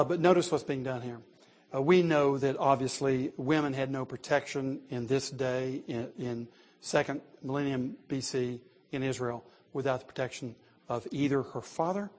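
A man preaching an expository sermon, reading scripture and explaining it in a conversational way, with joking asides and rhetorical questions. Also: medium pitch.

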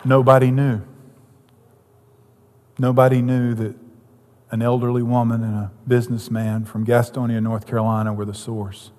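A man's voice: mid-range voice, flat delivery, normal speed, pauses often, a little mellow, a little hiss or hum. A man preaching a sermon as pastor, telling a story and then driving his points home with emphasis. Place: church sanctuary. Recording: long hall reverb.

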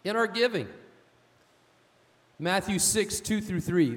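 A man with a fairly high voice preaches with emphatic storytelling, often asking "amen?". His voice trails off into a long reverb, as in a church sanctuary. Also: animated, measured pace, pauses often. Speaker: pastor. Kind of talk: sermon.

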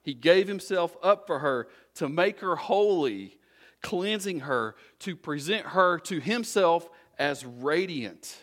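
A man's voice: on the high side, lively intonation, takes it slowly, a bit bright. A middle-aged man preaching a sermon as a pastor, talking conversationally and repeating short exhortations.

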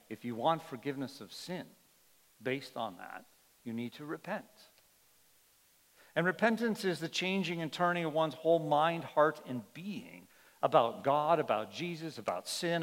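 A man's voice: on the high side, lively intonation, normal speed, a bit bright. A man preaching a sermon as pastor, earnest and emphatic, often letting his voice drop at the end of a point. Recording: long hall reverb.

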